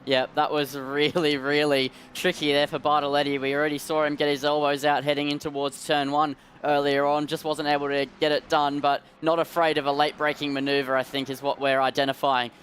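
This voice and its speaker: A man commentating a live sim race with measured play-by-play. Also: fairly high pitch, completely flat delivery, fairly bright tone, a little hiss or hum. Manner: measured play-by-play, rising at close finishes.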